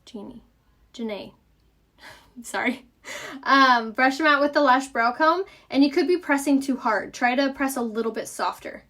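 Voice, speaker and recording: A woman's voice: sits high, normal speed, a bit bright. Chatty young woman with a Southern lilt. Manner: chatty, upbeat, answers viewer comments. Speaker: makeup tutorial host. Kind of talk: casual live makeup tutorial.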